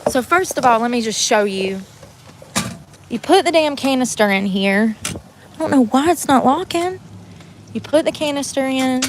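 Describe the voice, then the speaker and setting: A young woman ranting bluntly and profanely on a casual live stream, exasperated and loud-mouthed. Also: high-pitched, animated, moderate pace, long pauses, noisy background. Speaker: livestreamer.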